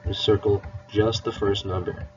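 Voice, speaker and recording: Man teaching kids math, low voice. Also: fairly even intonation, moderate pace, far from the mic, soft background music. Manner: encouraging, playful, spells words out. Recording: dull lo-fi recording with faint hiss.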